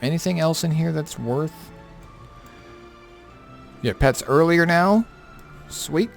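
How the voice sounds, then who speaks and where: A man's voice: on the high side, slow pace, vocal fry, faint music behind. A tired man who has been up all night, casually going over game patch notes with lots of fillers and offhand remarks. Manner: rambling, filler-heavy, offhand. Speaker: gaming content creator.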